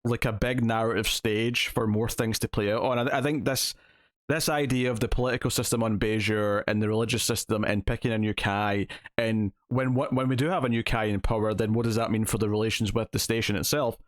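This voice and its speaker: A man's voice: lowish voice, fairly even intonation, a little fast, dry recording, clean studio sound. A man co-hosting a podcast, reviewing a TV episode in a casual, chatty way, retelling scenes as he goes. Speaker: podcast co-host.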